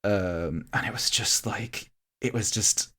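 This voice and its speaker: A man's voice: fairly low pitch, takes it slowly, sharp tone. A man co-hosting a podcast, telling a long, heartfelt and rambling story about a live-action roleplay event, full of fillers and restarts. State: tearing up. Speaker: podcast co-host. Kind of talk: casual podcast chat recounting a larp event.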